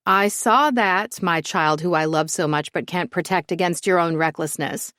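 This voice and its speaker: An exasperated mother , played by a woman reading a story, scolds her reckless child in a sharp, quick voice. She is protective under the anger. The sound is close and dry. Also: on the low side, no echo, lightly acted. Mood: scolding.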